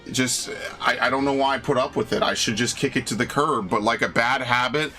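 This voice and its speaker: Brief: young New guy streaming games, fed up and swearing, mid-pitched bright voice. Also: a little fast, faint music behind. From New York. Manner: exasperated, profane ranting. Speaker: game streamer. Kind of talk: live game stream commentary.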